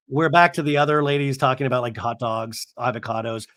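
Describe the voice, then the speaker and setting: A man hosting a podcast, giving a casual, gossipy recap with animated, swearing, exasperated asides. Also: mid-range voice, no room sound. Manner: does quick voices for the people he quotes. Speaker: podcast host recapping a reality show.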